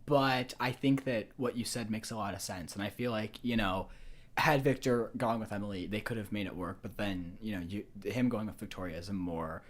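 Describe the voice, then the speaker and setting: A man's voice: lowish voice, a little fast. A man co-hosting a podcast in casual film-discussion chat, rambling and hesitant, circling back on his own words. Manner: rambling, hesitant, lots of fillers and restarts. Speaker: podcast co-host.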